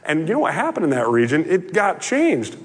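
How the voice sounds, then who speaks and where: A male pastor preaching a sermon, telling the story in an animated way with frequent conversational asides. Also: fairly high pitch, brisk, breathy edge, long reverb tail.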